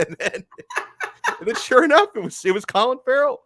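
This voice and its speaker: A man hosting a sports talk show in casual chat, joking and animated, often repeating himself as he talks. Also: on the high side, fast, dry recording, clean studio sound. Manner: joking, animated, stumbles over words.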